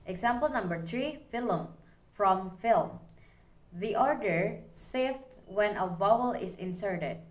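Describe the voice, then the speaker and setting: A woman reading a phonology class presentation aloud, slowly working through examples one at a time. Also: medium pitch, lively intonation. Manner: slow, careful, reads examples one by one. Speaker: student presenter.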